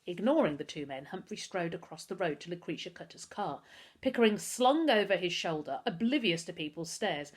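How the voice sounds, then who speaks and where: Expressive woman reading a children's book. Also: lowish voice, fairly quick, slightly rough. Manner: expressive storytelling. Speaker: teacher reading aloud.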